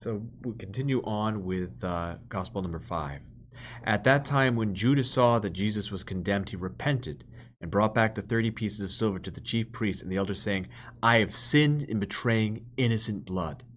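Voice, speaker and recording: A man's voice: on the low side, moderate pace, a little hiss or hum. A man, a priest, reading scripture aloud and then explaining it in plain words with the odd filler. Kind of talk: Bible reading with commentary.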